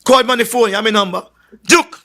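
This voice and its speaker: Boastful high-voiced Trinidadian man at a rally. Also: steady tone, racing. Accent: Trinidad and Tobago. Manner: boastful, forceful storyteller. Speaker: political candidate. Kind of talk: political rally speech.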